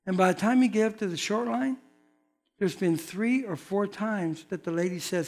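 A pastor preaching in church in a fairly high voice, spinning folksy stories and acting out both sides of each conversation. Soft music plays faintly underneath. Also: male voice, normal speed. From North Carolina. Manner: folksy storytelling, acting out dialogue. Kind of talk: sermon.

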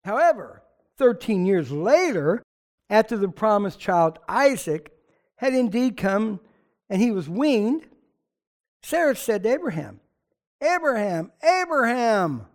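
A man preaching a sermon to his church in a lively, conversational way, with chatty asides. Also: sits high, measured pace. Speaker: pastor.

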